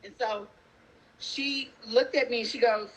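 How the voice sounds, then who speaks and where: A single mother and teacher telling a story in a sassy, animated way, talking straight to her listeners. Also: on the high side, unhurried, low-quality recording. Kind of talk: casual storytelling.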